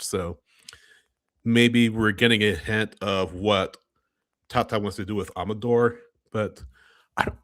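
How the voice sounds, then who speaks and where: A man's voice: on the low side, fairly bright tone, no echo, clean studio sound. A man co-hosting a casual sports podcast, chatty and laughing often, correcting himself as he goes. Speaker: podcast co-host. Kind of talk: casual chat.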